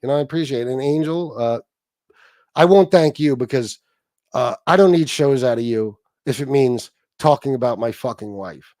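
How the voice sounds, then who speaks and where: A man's voice: mid-range voice, moderate pace, darkish tone, dry recording. A man hosting a livestream, ranting in a profane, sarcastic, mocking way. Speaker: livestream host.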